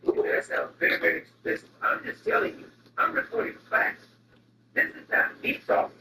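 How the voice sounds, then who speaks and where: A man's voice: brisk, sharp tone, slight background noise. A man delivering a comedic, rambling rant in a digressive, mock-serious way. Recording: roomy echo, distant mic, music behind.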